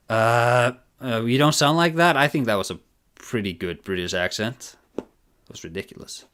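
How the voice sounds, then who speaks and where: A man's voice: mid-range voice, expressive, measured pace, sharp tone. A man with a nasal voice streaming a live reaction, chatting casually in a rambling, giggly, self-deprecating way.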